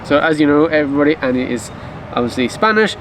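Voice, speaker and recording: Man vlogger, teasing and upbeat, fairly high voice, outdoors, faint background noise. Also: lively intonation, fast talker. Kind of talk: casual chat. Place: outdoors at a park-up by a camper van.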